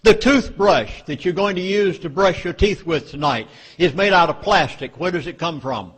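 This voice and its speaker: A man's voice: a little high, lively intonation, moderate pace, a bit bright, husky. A man with a Southern US accent giving an emphatic speech to a live audience, with dramatic warnings. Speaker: public speaker.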